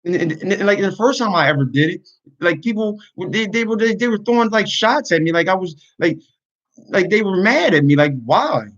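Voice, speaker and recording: A man's voice: high voice, animated, fairly quick, fairly bright tone, dull audio. A man talking earnestly to his online community in a casual livestream, venting his frustrations. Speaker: YouTuber and podcaster.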